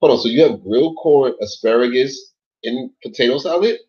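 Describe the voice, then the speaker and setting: A man's voice: mid-range voice, a little fast, a little mellow, husky, muffled recording. A man hosting a late-night casual livestream, chatting with viewers in a laid-back, rambling way, swearing often and filling his talk with "like" and "yo.". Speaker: livestream host reading chat.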